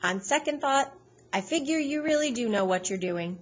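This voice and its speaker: A woman's voice: high voice, expressive, normal speed, voice pushed up. A woman voicing a plain-spoken frontier man who gives blunt, folksy advice.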